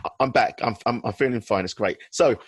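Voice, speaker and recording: A man's voice: medium pitch, brisk, husky. A middle-aged man hosting a casual football podcast, laid-back and joking, swearing freely. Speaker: podcast host. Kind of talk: casual chat.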